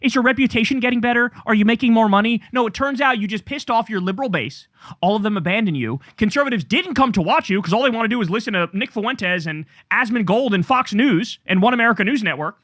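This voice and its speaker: A man with a fairly high voice delivers heated, profane political commentary, reading out quoted posts and then tearing into them with sarcasm. The sound is dry and close, with no room echo. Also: animated, fast talker, fairly bright tone. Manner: angry, profane, sarcastic ranting; reads quoted posts aloud then reacts.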